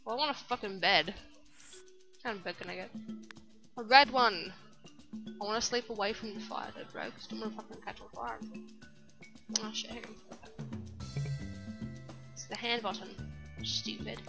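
A young woman giving casual, profane let's-play commentary, reacting loudly and insulting her own game character. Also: a little high, fairly even intonation, unhurried, creaky, long pauses, over music. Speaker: gameplay commentator.

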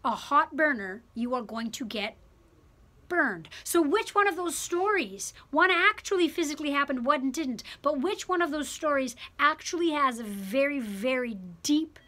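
A woman teaching a religion class in a classroom, talking in an animated, emphatic way and repeating words for effect. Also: high-pitched, normal speed. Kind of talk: classroom lecture.

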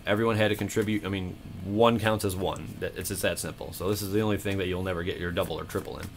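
A man hosting his own channel, opening card packs with excited, casual commentary, counting aloud and swearing freely. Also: deep voice, fast talker, vocal fry. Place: home room.

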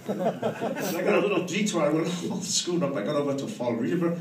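A man's voice: a little high, expressive, fairly quick, far from the mic. A man posing as a guest lecturer, teasing audience members by name in roast-style comic talk at a company event. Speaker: impostor speaker at a company event. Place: large function room with laughing crowd. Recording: roomy hall recorded from afar, loud crowd.

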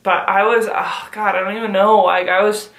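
A woman's voice: mid-range voice, flat delivery, normal speed, fairly bright tone, reverberant, low-quality recording. A young woman vlogger casually telling a wild personal story, swearing often and laughing through it. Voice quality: frequent swearing.

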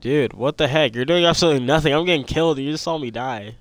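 A young man casually commenting on his own gameplay, excitable and slangy, repeating lines and yelping when he gets attacked. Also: on the high side, fast talker, no echo. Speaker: gamer.

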